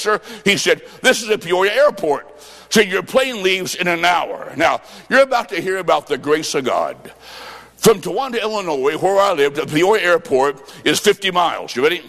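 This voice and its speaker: A man from the American Midwest preaches a fervent revival sermon in a high, ringing voice, breaking into shouted bursts and telling stories through quoted back-and-forth dialogue. The long reverb of a large hall trails every phrase.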